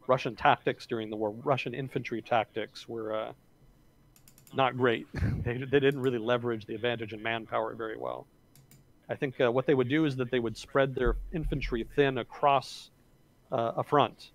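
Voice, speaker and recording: Man rambling through a casual history talk. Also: medium pitch. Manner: rambling, self-correcting, thinking aloud. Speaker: livestream host.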